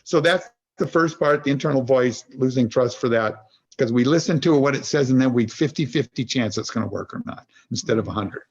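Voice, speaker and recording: Brisk and a little mellow, this medium-pitched man has a gravelly, husky voice and is a guest on a podcast, talking through his ideas. Along the way he tells small anecdotes, voices his inner thoughts, and frequently stops and restarts; the sound is somewhat dull and lo-fi.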